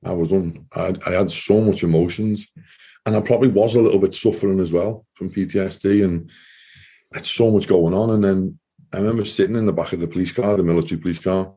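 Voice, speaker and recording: A former soldier in his thirties, with a low, mellow, husky voice that sits deep and dark, shares his story in a relaxed interview. He speaks haltingly, restarting sentences and acting out past conversations as quotes.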